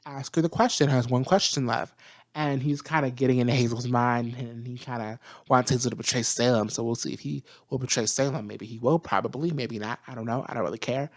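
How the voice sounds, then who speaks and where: Casual video reviewer, chatty, slangy, laughs a lot, middle pitch. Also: steady tone, fast, few pauses. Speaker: video reviewer of an animated series.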